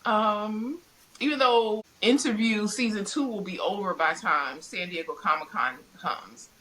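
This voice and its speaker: A middle-aged woman co-hosting a casual podcast, animated and quick to laugh as she recaps a TV show. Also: medium pitch, poor audio. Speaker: podcast co-host. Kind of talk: casual pop-culture chat.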